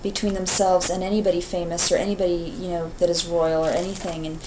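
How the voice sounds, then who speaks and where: A woman's voice: on the low side, little pitch movement, fast. A woman in casual conversation, an attentive listener who murmurs agreement often. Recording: noticeable background noise with clicks.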